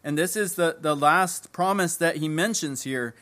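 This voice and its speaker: A man preaching a sermon, emphatic, repeating key phrases and dropping low at the ends of lines. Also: normal speed, a bit bright.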